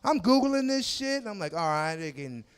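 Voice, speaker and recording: Loud, high-pitched man doing stand-up. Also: normal speed, smooth. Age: 40s. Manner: loud, crude, animated storytelling with shouted asides. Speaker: stand-up comedian. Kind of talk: stand-up comedy set. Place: comedy club stage with a live audience.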